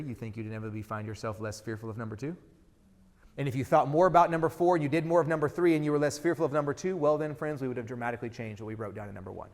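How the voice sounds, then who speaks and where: A middle-aged man delivers a motivational keynote at a rapid clip, pressing the crowd with question after question. His voice carries a long hall reverb from a live event stage. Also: mid-range voice. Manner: energetic, asks the audience rhetorical questions. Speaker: keynote speaker.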